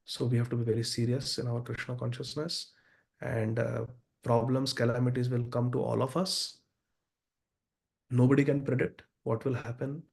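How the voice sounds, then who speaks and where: Guy teaching a scripture class, gravelly voice, earnest, talks right to the listeners. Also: mid-range voice, fairly even intonation, moderate pace, a little mellow. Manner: earnest, addresses listeners directly. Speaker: Bhagavatam class speaker. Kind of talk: devotional class lecture.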